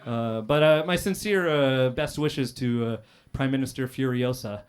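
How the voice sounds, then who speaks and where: Man, stand-up comedian, roast battle, deadpan, halting pauses, comedy club stage. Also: mid-range voice. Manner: deadpan, dry delivery with many "uh" pauses and loud outbursts.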